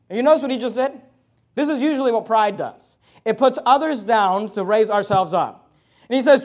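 Male preacher, high voice, lively delivery, acts out the scripture dialogue. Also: a little fast. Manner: animated, acts out quoted dialogue with rising intensity; reads scripture in King James wording. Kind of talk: sermon.

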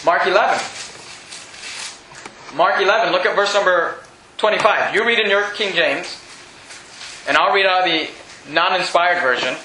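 A man's voice: sits high, normal speed, long pauses, sharp tone, slight background noise. A male pastor preaching an emphatic, mocking sermon, quizzing his congregation. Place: church hall with congregation. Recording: echoey church hall.

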